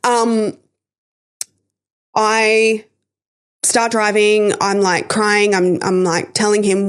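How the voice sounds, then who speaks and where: A woman's voice: medium pitch, flat delivery, drawn-out words, long pauses, clean tone. A woman, hosting a podcast and candidly telling a painful personal story, emotional and swearing at times. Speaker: podcast host sharing her story.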